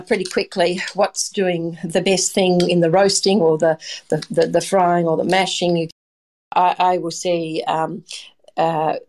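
Middle-aged Australian woman, potato grower, low-pitched and chatty, wanders through stories with a bit of music faintly underneath. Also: darkish tone. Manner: chatty and enthusiastic, rambling anecdotes. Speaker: potato farmer guest. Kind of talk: casual chat.

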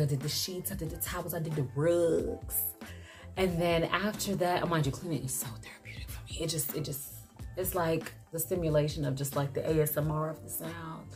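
Young woman vlogging, low voice, slangy and real, faint music behind. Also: lively intonation, normal speed, fairly bright tone. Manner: candid, emotional, slangy and chatty. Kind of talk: casual vlog chat.

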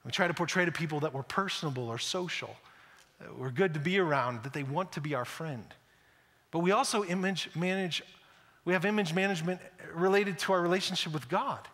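With a fairly high, fairly bright voice, a male preacher talks briskly through a sermon in a chatty style. The church sanctuary echoes around him as he acts out quotes and repeats words again and again.

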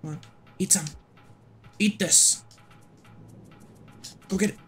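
A livestreamer in casual gameplay commentary, excitable and swearing often while talking to the game and chat. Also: mid-range voice, takes it slowly, faint music behind. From United States.

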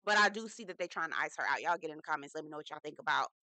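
A woman's voice: sits low, rapid-fire, pushed and bright, no room sound. A woman hosting her own casual TV review vlog, chatty and slangy, with emphatic asides to her viewers. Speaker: host.

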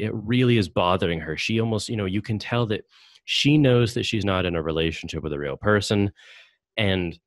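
A very low-pitched man hosting a casual podcast conversation. He talks hesitantly, leaning on fillers and restarting his sentences. The sound is close and dry, with no room behind him. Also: dry recording. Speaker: podcast host.

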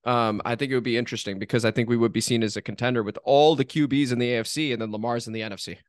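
A man's voice: medium pitch, steady tone, racing, dry recording, studio quality. A man hosting a casual sports podcast, talking things through with analogies and chuckles. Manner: conversational, chuckling, uses analogies. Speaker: podcast host.

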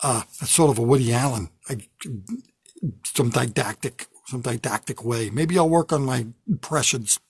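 A man's voice: mid-range voice, moderate pace, slightly rough, no echo. An older man, a comedian, delivering a kvetching, self-mocking comedy rant from his basement at home. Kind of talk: stand-up comedy monologue.

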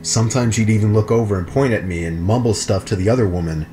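Man, low voice, scripted horror narration, measured and even, faint music underneath.

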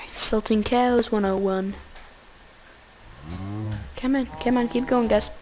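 A woman giving goofy, excitable casual gameplay commentary, talking to the animals in her game. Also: fairly high pitch, slow pace, long pauses, a little hiss or hum.

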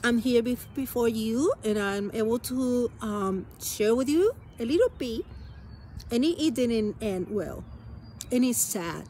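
A woman's voice: fairly high pitch, lively intonation, a little mellow, slight background noise. Earnest woman. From Spanish-speaking country. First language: Spanish. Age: adult. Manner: earnest, halting, emotional storytelling. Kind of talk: personal testimony.

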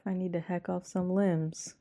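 A young woman hosting a movie reaction, talking quietly and close to a whisper with wry quips. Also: on the low side, little pitch movement, normal speed, slight background noise. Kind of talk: hushed movie reaction chat.

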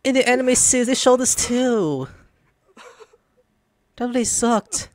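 A woman's voice: on the high side, measured pace. A woman commenting casually over a video game, ranting and swearing as she reacts. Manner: swears and rants loudly, animated. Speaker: let's play gamer.

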